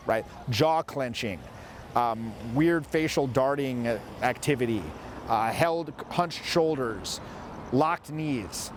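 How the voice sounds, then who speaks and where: Slowly and in a mid-range voice, a male social skills coach in his forties gives a forceful instructional monologue, acting out different vocal tones as examples. The clip carries a bit of background noise.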